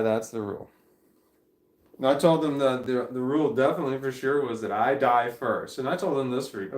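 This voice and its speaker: A man's voice: mid-range voice, a little mellow. Rambling middle-aged man in a roomy space. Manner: meandering, self-interrupting, chuckling. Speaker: vlogger. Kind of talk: rambling casual monologue. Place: home room. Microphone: camera mic at a distance. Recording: roomy home recording, faint ambience.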